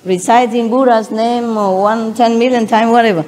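A woman's voice: a little high, steady tone, normal speed, darkish tone, slight background noise. A woman teacher giving a spiritual lecture, retelling religious stories in simple non-native English and chuckling often.

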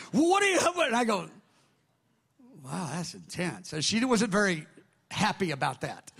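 A middle-aged male pastor delivers a storytelling sermon with a fairly high voice. He acts out the quoted dialogue as he goes, so his delivery keeps shifting. The tone stays lively and engaged throughout. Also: vocal fry.

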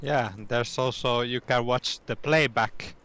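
Slow-talking man on a podcast. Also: mid-range voice, steady tone, a bit bright, clear, resonant tone, poor audio. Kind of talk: casual gaming podcast chat.

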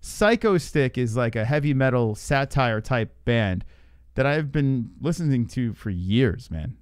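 Male host, casual fight-stream banter, crude and joking, clear voice in a dry room. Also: medium pitch, expressive, measured pace, darkish tone, no echo.

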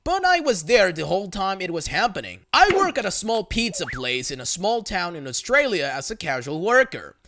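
Animated forum story narrator. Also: mid-range voice, normal speed, few pauses, noisy background. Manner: plain storytelling read-out. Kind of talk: reading forum stories aloud.

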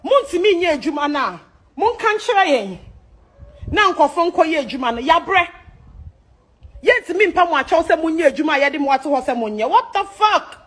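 A Ghanaian woman with a strikingly high voice rants about the cost of living. She is loud, fearless and fiery, cursing freely as she speaks. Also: big pitch swings, moderate pace, low-quality recording. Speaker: social media commentator. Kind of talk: angry political rant.

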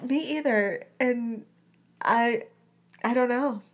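High-voiced woman reading a story out loud, animated, chats in between. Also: slow. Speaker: podcast host reading fan fiction aloud. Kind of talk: reading aloud with casual commentary.

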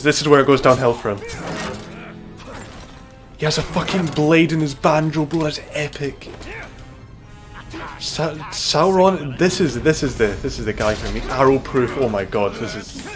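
A young man streaming a video game, excitable and sweary, bickering with his co-op partner and exclaiming at the action. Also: medium pitch. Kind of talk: live gaming stream banter. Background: game music.

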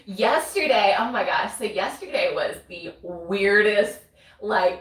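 This fitness creator, a North Carolina woman with a Southern accent, keeps up friendly chatter through her workout, somewhat winded as she counts reps and laughs and sighs between moves. Her mid-range voice is fairly bright, and the distant mic gives a roomy sound.

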